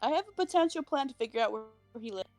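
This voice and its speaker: High-voiced woman at the gaming table. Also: lively intonation, fast talker, over loud music. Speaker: player. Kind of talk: casual tabletop play.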